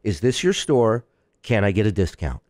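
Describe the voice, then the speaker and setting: A man's voice: lowish voice, normal speed, dry recording, studio quality. A man from Israel, a podcast guest, telling stories in casual chat and acting out the voices of the people in them. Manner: animated storyteller, acts out quoted voices.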